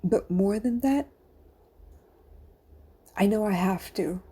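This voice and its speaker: A woman's voice: medium pitch, takes it slowly, mellow, slightly rough. A middle-aged woman, a coach and podcast host, speaking in an earnest, confessional monologue that sometimes drops to a whisper.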